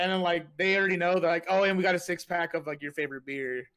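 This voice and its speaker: A man's voice: high-pitched, steady tone, fast, few pauses, fairly bright tone, clean tone. A man hosting a casual podcast, telling stories in a rambling way with lots of "like" and "you know". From United States. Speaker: podcast host and streamer.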